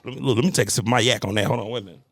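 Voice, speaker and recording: Gravelly fast-talking man hosting a podcast. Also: on the low side, steady tone, a bit bright, no room sound. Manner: loose, swearing, repeats "you know what I'm saying". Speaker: podcast host. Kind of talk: casual solo podcast chat. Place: cigar lounge.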